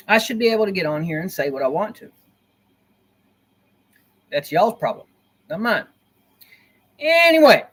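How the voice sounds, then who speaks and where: A man on a casual livestream, speaking into his laptop from a cozy, dim corner of his room. His voice sits a little high, and he rambles and circles back over his points. He sounds earnest and conspiratorial. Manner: rambling, repeats himself. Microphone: laptop built-in mic.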